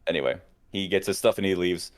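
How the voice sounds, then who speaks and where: A young man co-hosting a podcast, telling animated stories in casual chat and swearing often. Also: deep voice, fast talker. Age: young adult. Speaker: podcast co-host.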